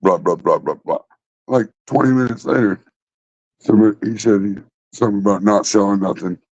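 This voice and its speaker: A man's voice: lowish voice, brisk, darkish tone, no room sound. A man hosting a casual livestream from his phone, rambling and swearing bluntly. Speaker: livestream host. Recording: dull lo-fi phone audio.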